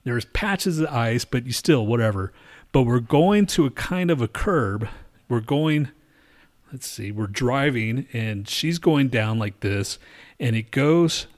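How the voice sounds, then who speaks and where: A man telling a story in casual chat, rambling and swearing, with many restarts and fillers. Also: medium pitch.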